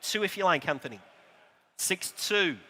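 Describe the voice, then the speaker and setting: Calling bids at a live auction in a motor show sale room, this man has a bright, high voice with lively intonation. His brisk, rhythmic patter includes friendly words to bidders, and a long reverb from the large exhibition hall follows him.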